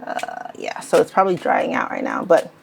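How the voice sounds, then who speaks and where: A young woman chatting casually as she shows and rearranges her plants, rambling, correcting herself and getting excited. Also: low-pitched, moderate pace, creaky, slight background noise. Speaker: plant vlogger. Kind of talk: casual vlog chat while working. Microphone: handheld camera on tripod.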